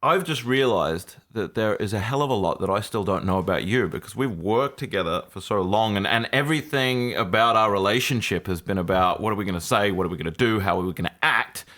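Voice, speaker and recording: A man's voice: on the low side, brisk, few pauses, sharp tone. Nasal man chatting on a podcast. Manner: chatty, storytelling, laughs easily. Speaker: podcast co-host. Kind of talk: casual podcast chat.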